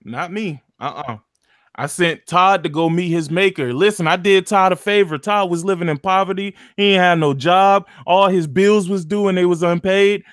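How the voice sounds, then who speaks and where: High-voiced man telling a game story. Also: moderate pace, dry recording, clean studio sound. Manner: animated storytelling with profanity and slang. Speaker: gaming podcast co-host. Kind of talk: casual gaming chat.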